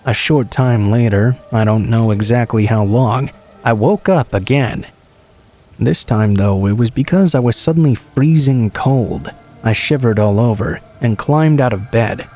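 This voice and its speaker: A man calmly reading true horror stories aloud as a scripted narration. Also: medium pitch, measured pace, faint music behind.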